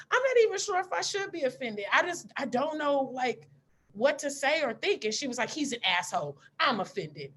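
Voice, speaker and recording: A woman's voice: fairly high pitch, fairly bright tone. A woman scientist in her thirties giving a candid talk, telling stories about graduate school and acting out the dialogue as she goes. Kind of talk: storytelling talk.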